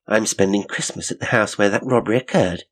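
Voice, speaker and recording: A composed young woman in an old mystery, cool and cutting when cornered, voiced by a man narrating. The voice sits above his usual low register, with a husky edge. She speaks quickly and steadily, never losing her nerve. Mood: calm.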